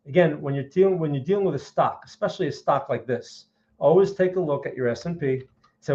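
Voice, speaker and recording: A man's voice: on the high side, brisk, darkish tone. Blunt New York man, market streamer. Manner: blunt, opinionated, talks directly to viewers. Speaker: market analysis streamer host. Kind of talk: live market commentary. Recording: dull lo-fi stream audio.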